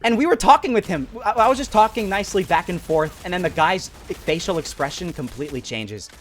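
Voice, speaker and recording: A man who is a mobile gaming YouTuber, telling a story in an animated, casual way full of "like" and "right?". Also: sits high, brisk. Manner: animated, lots of fillers like "like" and "right?".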